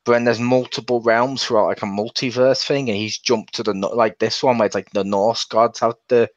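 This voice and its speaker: A man's voice: medium pitch, fairly even intonation, a little fast, dry recording. A man hosting a casual game review, rambling along and restarting his sentences. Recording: dull lo-fi.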